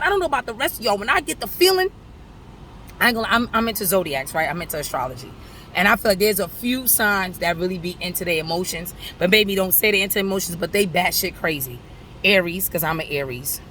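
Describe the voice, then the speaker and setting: A woman's voice: on the high side, sharp tone, slight background noise. A woman in recovery, talking casually and animatedly to her followers from a city street, rambling and addressing viewers directly. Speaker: vlogger in addiction recovery. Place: outdoors on a city street with traffic.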